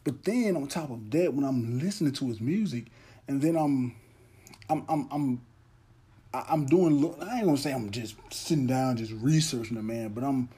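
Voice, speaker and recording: A young man with a dark, mellow voice hosts a podcast alone, talking in a loose, earnest monologue. He speaks with heartfelt conviction and often stumbles back over his words before pushing on. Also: mid-range voice, moderate pace, slightly rough. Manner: earnest, heartfelt storytelling with many restarts. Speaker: podcast host. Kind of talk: casual monologue.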